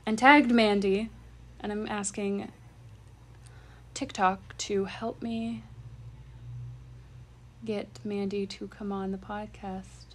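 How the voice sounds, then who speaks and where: A woman's voice: mid-range voice, fairly even intonation, slow pace, long pauses. Chatty young woman podcast co-host. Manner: chatty, swears casually, laughs a lot. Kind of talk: casual chat. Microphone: remote call.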